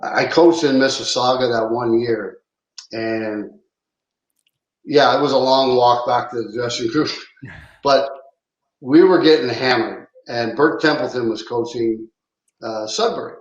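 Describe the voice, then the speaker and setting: A man's voice: mid-range voice, a little slow, pauses often. A middle-aged male co-host tells a story in an easygoing, casual way. His voice rings in a roomy space and sounds a bit muffled. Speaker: podcast co-host, former hockey coach. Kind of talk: casual chat.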